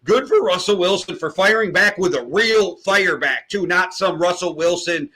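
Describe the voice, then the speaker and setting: An American man with an Upper Midwest accent co-hosting a sports podcast. His voice is bright and a little high for a man, and he talks bluntly, swearing freely as he tells stories and vents. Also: moderate pace, slight background noise. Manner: blunt, heavy swearing, storytelling. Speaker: podcast co-host. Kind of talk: casual sports chat.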